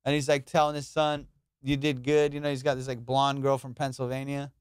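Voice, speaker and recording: Male podcast host in his thirties, crisp and close-miked, animated storyteller. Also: mid-range voice, fast, no room sound. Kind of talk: casual podcast chat.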